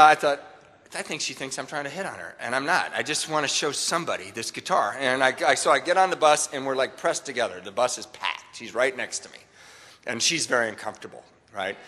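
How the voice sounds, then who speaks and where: A middle-aged man telling a jokey personal story to a meeting, bursting into shouts at times. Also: mid-range voice. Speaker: speaker sharing his recovery story. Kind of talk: storytelling talk at a recovery meeting. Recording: long hall reverb.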